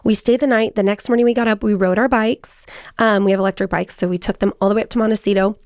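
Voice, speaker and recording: A woman's voice: mid-range voice, fast talker, no room sound. Casting note: woman in her 40s, chatty storyteller host, dry close sound. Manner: chatty storytelling, quotes people in lively voices. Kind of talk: casual chat.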